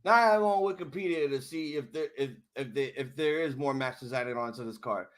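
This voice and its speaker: A man hosting a live wrestling reaction stream, ranting angrily and swearing, swinging from muttering to shouting. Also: mid-range voice, normal speed. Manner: angry, profane ranting.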